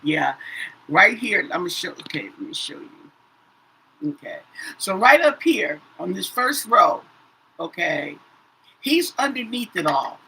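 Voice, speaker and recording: A woman's voice: lowish voice, very animated, slow pace, long pauses, bright, forceful tone, slight background noise, poor audio. Chatty woman reading tarot cards. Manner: says "okay?" after nearly every phrase, repeats herself. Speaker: tarot reader. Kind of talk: casual tarot reading to viewers.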